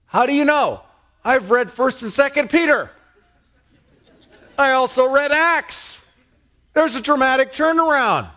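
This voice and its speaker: A man preaching a sermon in a conversational way, asking the listeners questions and growing animated as he tells stories. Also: high-pitched. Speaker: pastor.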